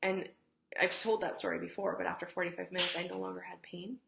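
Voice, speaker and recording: Frank, gravelly woman teaching in an echoey room. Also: fairly low pitch, level tone, fast talker. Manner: frank and emphatic, swears freely, drops to whispers. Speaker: healing teacher. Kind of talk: casual spoken teaching. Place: home, at a table. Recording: echoey room with faint noise.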